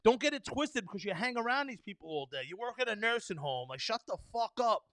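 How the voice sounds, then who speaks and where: A man hosting a solo podcast, ranting in a rambling, profane stream full of fillers. His voice sits high and sounds bright and sharp. The recording is close and dry, with no room sound. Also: very animated, fast talker, dry recording. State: tired. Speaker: podcast host.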